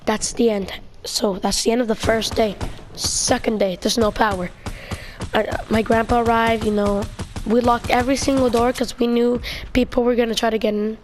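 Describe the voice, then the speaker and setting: High-voiced young woman rambling through a story. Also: fairly even intonation, moderate pace, faint music behind. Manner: rambling, many fillers and restarts. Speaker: video creator. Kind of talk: casual storytelling vlog.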